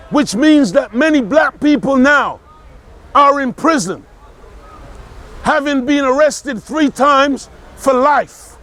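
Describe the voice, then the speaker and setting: A man giving a forceful outdoor street speech, repeating phrases for emphasis and shouting at times. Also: very high-pitched. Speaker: street speaker. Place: outdoors in a city park.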